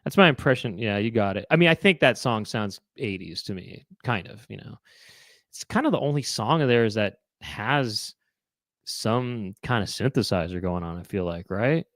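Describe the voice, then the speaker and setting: A man's voice: on the low side, expressive, normal speed, fairly bright tone, no echo, studio quality. A man hosting a live online chat show, musing aloud to viewers in a rambling way, with many fillers and restarts. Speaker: host.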